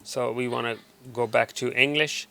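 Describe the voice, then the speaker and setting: Guiding viewers step by step through device settings in a casual screen walkthrough, this man speaks loosely and hesitantly, full of fillers and restarts, frequently breaking off mid-sentence. His medium-pitched voice is steady with vocal fry at a moderate pace. Heavy background noise runs underneath.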